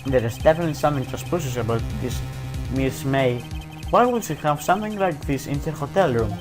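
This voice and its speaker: A man with a slightly high, animated voice reads courtroom video game dialogue briskly over music. As a let's play commentator, he jokes around, pokes fun at himself, and keeps saying "dude" and "like."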